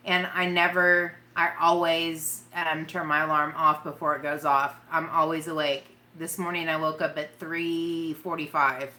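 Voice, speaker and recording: A bright-voiced woman rambles through a casual live-stream chat. She giggles often and talks straight to the people in her chat. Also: deep voice. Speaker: makeup vlogger.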